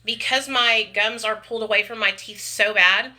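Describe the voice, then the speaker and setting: A woman with a drawl chats on a casual livestream, sprinkling in "y'all" and "baby" as she talks to her viewers. Her voice is very bright and sits slightly high. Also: steady tone, moderate pace. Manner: chatty, frequent "you guys" and "y'all", calls viewers honey and baby. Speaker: vlogger chatting with live viewers.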